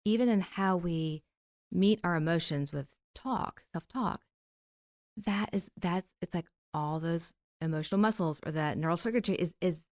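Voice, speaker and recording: A woman's voice: on the low side, moderate pace, a little mellow, no echo, clean studio sound. A woman co-hosting a podcast in casual chat, an encouraging and enthusiastic listener. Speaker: podcast co-host.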